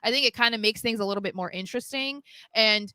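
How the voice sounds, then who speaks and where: A woman co-hosts a casual podcast chat, talking freely and often stumbling into fresh starts. Her voice is bright and smooth. The sound is dry and close, as from a podcast mic. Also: a little high, fast talker, no echo. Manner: chatty, restarts sentences often. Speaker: podcast co-host.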